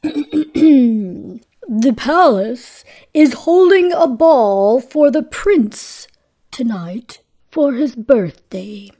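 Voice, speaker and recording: A woman reads a children's story aloud in a slow, careful way. Her tone is mellow and dark. Her pitch sits a little high, and she draws each phrase out. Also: lively intonation.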